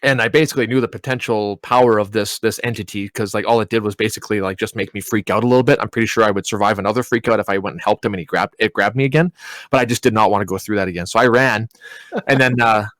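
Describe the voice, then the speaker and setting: A young man, a podcast co-host, telling a story in a casual, animated way, swearing and laughing as he goes. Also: on the low side, fast, no echo.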